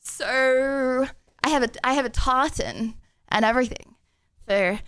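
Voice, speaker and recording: Young woman, high voice, dry close sound, giggly rambling stream chat. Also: a little slow, fairly bright tone, clear, resonant tone, dry recording. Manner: giggly, rambling with many fillers. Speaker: livestreamer.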